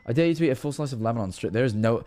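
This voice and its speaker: A man's voice: mid-range voice, lively intonation, rapid-fire, mellow, slight background noise. A young man hosting a live stream, chatting in a laid-back way and muttering through numbers as he reads donations. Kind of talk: casual live-stream chat.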